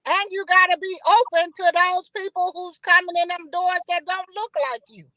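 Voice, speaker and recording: A woman's voice: extremely high pitch, flat delivery, moderate pace, sharp tone, poor audio. A woman who is a guest on a church talk show, speaking in an earnest, insistent way. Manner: earnest, insistent, sprinkling in "you know what I'm saying". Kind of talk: passionate talk show discussion.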